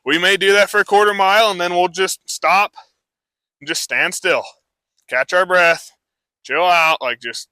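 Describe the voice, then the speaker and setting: An easygoing horse trainer chats loosely with a live crowd about his work, rambling casually and using lots of fillers. His voice is very bright, a bit higher than most men's, and he speaks a little slowly and smoothly. The recording is dry and close.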